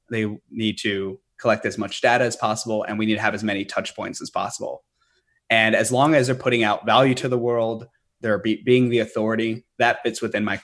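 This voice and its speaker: A man with a low voice, a podcast guest who explains his way of working in an earnest, step-by-step manner. He leans on fillers like "you know" and "um" as he works through his points. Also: fairly bright tone. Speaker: business owner, podcast guest. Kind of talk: podcast interview.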